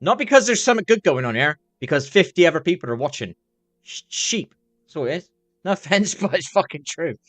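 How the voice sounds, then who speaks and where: Rambling man with a raised pitch. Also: big pitch swings, fast, a bit bright, dry recording. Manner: rambling, swears often, repeats himself while reading chat. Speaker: live streamer. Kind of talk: casual live-stream chat.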